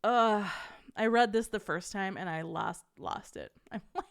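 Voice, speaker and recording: A young adult woman hosts a podcast, casually reading a story aloud to her live chat and laughing often. Her mid-range voice is smooth, and her pace is measured.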